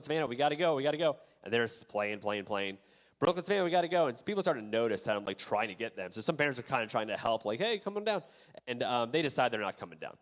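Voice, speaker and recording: Guy pastor preaching, chatty story, lots of ums, mid voice. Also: medium pitch. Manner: casual storytelling, many fillers, lively retelling. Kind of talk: sermon with personal story. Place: church sanctuary.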